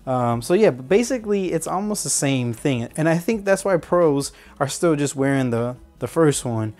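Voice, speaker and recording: A man's voice: on the high side, lively intonation, moderate pace, a little mellow, soft background music. Male boot reviewer, easygoing unboxing talk, hesitant and rambling. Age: adult. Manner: rambling, self-correcting, hesitant fillers.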